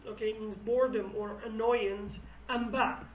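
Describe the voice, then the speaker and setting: A woman's voice: fairly high pitch, steady tone, normal speed, roomy sound, far from the mic, low-quality recording. A woman whose first language is Kurdish, explaining song lyrics word by word in English as a teacher, thinking aloud and restarting her phrases.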